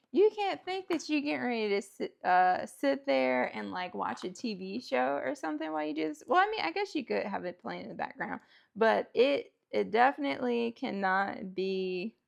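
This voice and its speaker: Slow, gravelly-voiced woman chatting. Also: high-pitched. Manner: chatty, rambling, lots of fillers and self-talk; laughs often. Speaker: host. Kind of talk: casual chat while building a toy kit. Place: at home.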